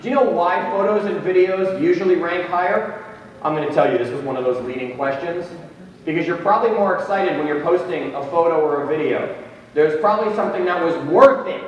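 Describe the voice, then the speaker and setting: A man's voice: a little high, brisk, lo-fi sound. A man presenting a live seminar to an audience in a conference room, joking and speaking to the crowd directly. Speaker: real estate tech seminar presenter. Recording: echoey hall from far off, faint noise.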